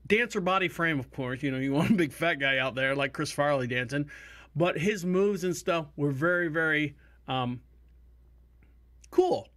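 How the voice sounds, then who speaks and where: Guy with a high-ish voice rambling on his radio show, loose and chatty. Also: fairly bright tone. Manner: rambling, chatty, with restarts and asides. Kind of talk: casual talk radio monologue. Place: radio studio.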